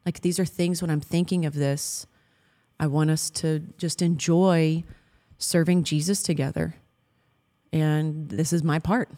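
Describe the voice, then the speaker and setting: A woman's voice: deep voice, fairly even intonation, unhurried, dark tone. A woman in her thirties co-hosting a Christian marriage talk, speaking earnestly and affectionately and quoting scripture. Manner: earnest and affectionate, laughs often, quotes scripture. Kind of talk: heartfelt faith-based chat.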